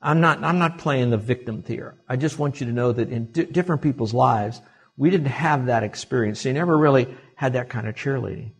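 A male pastor preaching a sermon to his congregation, swinging between loud exclamations and quiet asides. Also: mid-range voice, brisk, breathy edge. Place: church sanctuary.

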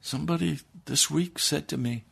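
A man preaching a sermon, swinging between loud declarations and hushed, low passages. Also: moderate pace, gravelly, slightly rough.

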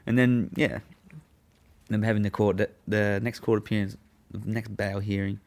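A man's voice: fairly low pitch, moderate pace. A man telling a prison story in casual chat, profane and laughing often. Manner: profane, laughs often, animated when recounting.

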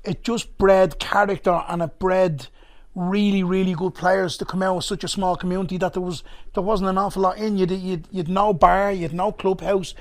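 A talkative Dublin man with a notably high-pitched voice, chatting as a podcast guest. He tells stories in rapid bursts, dropping local turns of phrase as he goes. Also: fairly even intonation. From Ireland. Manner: chatty storyteller, rapid bursts, says "come here". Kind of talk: casual podcast chat.

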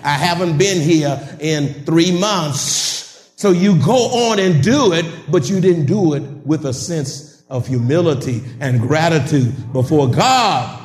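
A male preacher with a high voice that swoops all over its range, delivering a sermon in a long-echoing church hall. He calls out to his congregation with laughing asides and climbs into shouted, sing-song peaks. The sound reaches the mic from a distance, washed in reverb. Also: animated, slow pace.

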